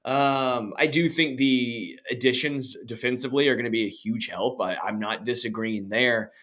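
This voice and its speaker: A man co-hosting a casual sports podcast, blunt and opinionated, quick to dismiss teams he doesn't trust. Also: medium pitch, a bit bright. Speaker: podcast co-host.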